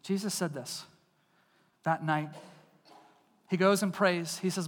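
A man preaches with earnest conviction, pressing his points hard and then dropping to a hush. His voice sits high for a man. It carries a long reverb that fills a large church. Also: fairly even intonation, takes it slowly, pauses often. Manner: earnest, swings from loud emphasis to hushed intimacy. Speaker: pastor. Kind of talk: sermon. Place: church sanctuary.

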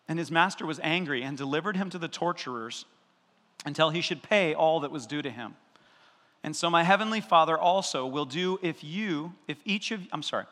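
Lively pastor guy preaching, high bright voice, big echoey church sound. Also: a little fast. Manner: animated, acts out voices, conversational asides. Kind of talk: sermon.

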